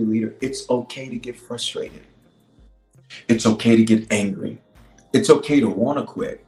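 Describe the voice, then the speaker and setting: A man preaching a sermon as a bishop, swinging from loud declarations to hushed lines and repeating phrases for emphasis. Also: medium pitch, reverberant, poor audio.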